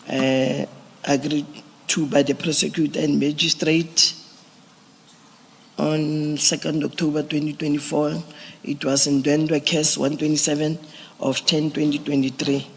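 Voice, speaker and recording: A man testifies before a commission in a large hearing room, explaining police procedure piece by piece with halting restarts. His voice sits a little high for a man, gravelly and husky. The sound carries a long echo from the hall. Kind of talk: formal testimony.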